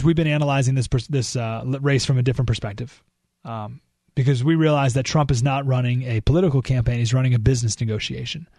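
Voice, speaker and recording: A man hosting a political talk radio show, animated and exclamatory, thinking aloud with frequent restarts. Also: medium pitch, dry recording, clean studio sound. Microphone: studio microphone.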